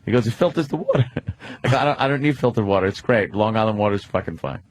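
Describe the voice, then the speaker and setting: A man's voice: on the low side, racing. A man hosting a radio show, chatting casually and laughing through a story. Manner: laughing storyteller who imitates friends in quotes. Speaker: radio host. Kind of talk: casual chat.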